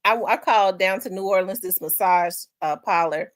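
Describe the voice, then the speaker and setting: A woman with a Memphis Southern accent, hosting a livestream in casual chat, rambling and repeating herself and quick to laugh while she reads viewer comments. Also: mid-range voice, no room sound, clean studio sound. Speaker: livestream host.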